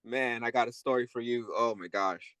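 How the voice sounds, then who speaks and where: A man, a guest on a storytelling interview, candidly recalls his years as a correction officer at a storyteller's pace. His voice is medium-pitched and a bit bright at normal speed, and he acts out inmates' voices in his stories. The recording is close and dry, with no room echo.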